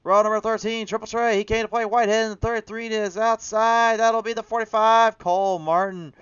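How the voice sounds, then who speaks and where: Male race commentator, fast hype delivery, bright and smooth. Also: high-pitched, fairly even intonation, no room sound, lo-fi sound. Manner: rapid hype announcer reading a long lineup, self-correcting. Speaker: sim racing commentator.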